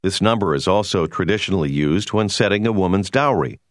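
A man giving a scripted, measured narration for a language course. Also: low-pitched, animated, dry recording, studio quality. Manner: measured, explanatory.

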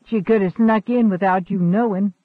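A man's voice: high-pitched, fairly even intonation, moderate pace, no echo, narrow, tinny audio. A man playing a gaunt, sneering slave catcher with a mocking, menacing way of talking.

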